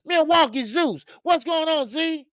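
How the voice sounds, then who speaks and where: A man hosting a boxing talk stream, speaking casually and loudly, cursing freely, repeating himself and reading viewer comments aloud. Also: very high-pitched, unhurried, no echo, clean studio sound. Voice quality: loud, animated, profane, repeats himself. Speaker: boxing show host.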